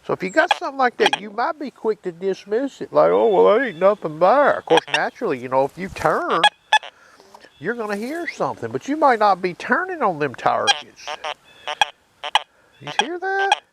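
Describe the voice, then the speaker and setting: A man's voice: high-pitched, wildly swooping pitch, moderate pace, vocal fry, heavy background noise. A man hosts a metal detecting video, demonstrating his detector in a folksy way and checking in with viewers as he goes. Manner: folksy, keeps checking in with listeners. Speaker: metal detecting channel host. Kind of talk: hands-on demonstration. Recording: loud detector tones behind the voice.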